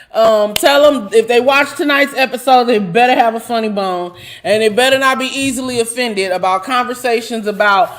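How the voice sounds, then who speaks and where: A woman hosting a live online talk show, joking and affectionate with her viewers as she signs off, laughing often. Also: sits high. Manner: churchy, affectionate toward viewers. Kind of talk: casual live-stream sign-off chat.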